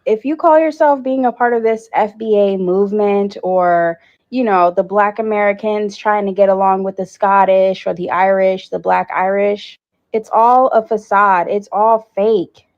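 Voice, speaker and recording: A woman's voice: mid-range voice, steady tone, a little slow, highs cut off. A woman ranting bluntly and indignantly in a reaction clip, swearing freely. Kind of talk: reaction rant.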